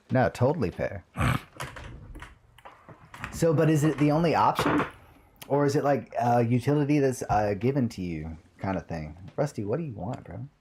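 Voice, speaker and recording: A man's voice: mid-range voice, darkish tone, slight background noise. A young man chatting casually on a live stream, swearing now and then as he sets up his audio.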